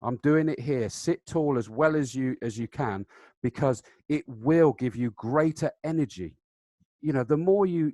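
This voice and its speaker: A man presenting a live online training webinar from his desk, talking in an animated, demonstrative way with self-deprecating asides over a video call. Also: mid-range voice, measured pace, no room sound. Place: seated at a desk, indoors. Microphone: video call setup.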